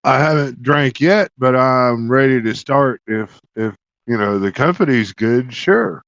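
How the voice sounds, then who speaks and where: A man's voice: mid-range voice, a little slow, fairly bright tone, no echo. Folksy man on a dull lo-fi mic. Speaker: player. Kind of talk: casual chat in character.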